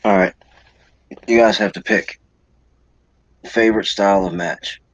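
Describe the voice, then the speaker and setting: A man's voice: fairly low pitch, fairly even intonation, measured pace, dull audio. A man in a casual podcast chat, asking loose, rambling questions of his co-hosts.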